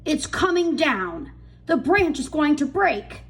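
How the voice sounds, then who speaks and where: A woman voicing a fat, greedy, loud middle-aged aunt in a storybook reading, shouting and exclaiming. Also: high-pitched, very animated, takes it slowly, pitched above the performer's own voice, exaggerated voice. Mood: alarmed. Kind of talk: storybook read-aloud.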